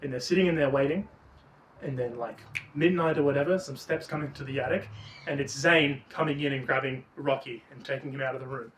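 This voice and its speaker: A man co-hosting a casual book review chat, retelling the plot with lots of swearing and animated energy. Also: medium pitch, brisk, slight background noise. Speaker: podcast co-host. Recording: roomy, distant mic.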